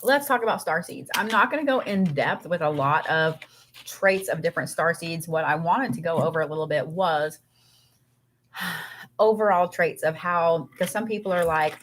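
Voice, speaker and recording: A woman's voice: low voice, slight background noise. A woman co-hosting a casual spiritual live stream, chatty and rambling with many fillers, tired and eating as she talks. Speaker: co-host.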